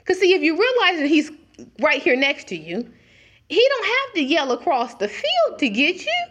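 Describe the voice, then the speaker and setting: A woman's voice: sits high, huge pitch swings, moderate pace, a bit bright. A middle-aged woman preaching a conversational sermon, acting out little dialogues as she talks.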